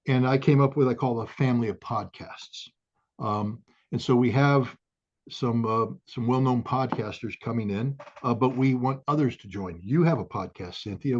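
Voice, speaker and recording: Male guest, halting and filler-heavy, prone to fiery bursts; husky, muffled recording. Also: mid-range voice, darkish tone. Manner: halting, many fillers, swells into fiery outbursts. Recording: dull lo-fi audio.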